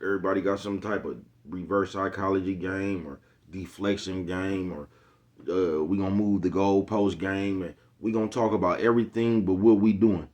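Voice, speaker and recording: Low-voiced man on a rambling rant. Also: fairly even intonation, normal speed, darkish tone. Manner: rambling, profane, keeps asking "you know what I'm talking about"; streetwise slang, repeats himself. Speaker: vlogger. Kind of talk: unscripted rant to camera.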